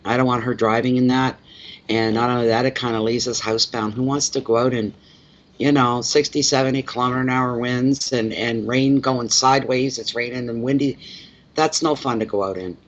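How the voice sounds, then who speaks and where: A man from Canada, working as a tarot reader, chats loosely with his live-stream audience and greets people by name, repeating himself as he rambles. His mid-range voice holds a steady tone and moves fairly quickly. The audio comes across slightly dull and lo-fi.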